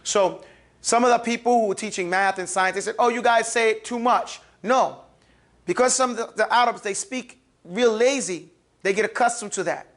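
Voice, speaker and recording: A man's voice: high voice, moderate pace, a bit bright. A man teaching Quran recitation, leading call-and-response drills of letters and correcting pronunciation.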